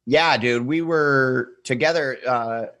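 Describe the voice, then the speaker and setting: A man's voice: medium pitch, slow pace, dry recording. A man in casual podcast chat, telling a story with lots of swearing and laughter, acting out what others said. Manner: animated storyteller, acts out quotes, swears freely, laughs often. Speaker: podcast guest.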